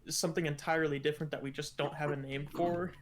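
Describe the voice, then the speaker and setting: A man's voice: a little high, steady tone, fast talker, noisy background. A man co-hosting a podcast, chatting casually in a rambling way and laughing often. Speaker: podcast co-host. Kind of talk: casual chat.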